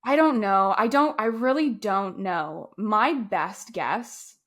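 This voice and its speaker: A woman co-hosting a casual podcast chat, talking in a wry, mocking and expressive way. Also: medium pitch, slow. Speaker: podcast co-host.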